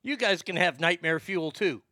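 A man's voice: on the high side, expressive, normal speed, sharp tone, dry recording. A man hosting a live stream, ranting crudely to his chat with incredulous outbursts and stammered restarts. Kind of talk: crude comedic rant to chat.

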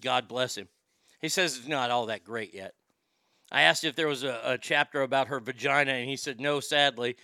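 Man, middle-aged host, bright clear voice, dry close sound, blunt and profane. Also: medium pitch, normal speed, dry recording. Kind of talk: casual chat reading listener mail.

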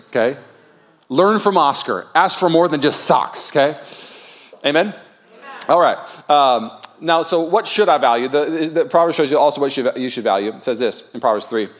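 A male pastor giving a sermon in a loose, conversational way, telling stories with quiet asides and rising to loud, emphatic points. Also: a little high. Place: church sanctuary.

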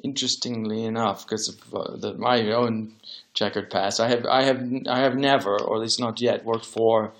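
A man's voice: lowish voice, fairly even intonation, fairly bright tone. Rambling male interviewer. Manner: rambling, halting questions.

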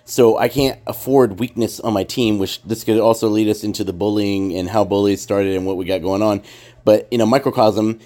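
A man's voice: fairly low pitch, fairly even intonation, brisk, dark tone. A man in casual podcast chat, rambling and emphatic, swearing freely as he makes his points.

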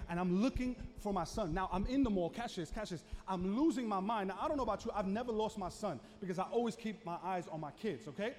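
In a church sanctuary, a male pastor with a high-pitched voice talks fast through a dramatic storytelling sermon, growing animated until he is shouting. The hall is echoey with long reverb, and there is slight background noise.

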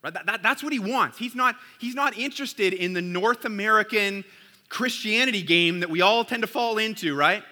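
A man's voice: high-pitched, moderate pace, pushed and bright. A man preaching a sermon to a church congregation in a casual, conversational way, often checking in with "right?". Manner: conversational, keeps asking "right?". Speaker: pastor.

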